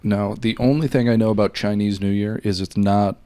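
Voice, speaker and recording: A young man with a lowish voice, easygoing and agreeable, picking up his co-host's jokes and adding his own. He laughs often. The recording is dry and close to the mic. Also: steady tone, fairly quick, mellow, smooth, no room sound. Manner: laid-back, agreeable, riffs along with laughs. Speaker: podcast co-host. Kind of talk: casual comedic podcast banter.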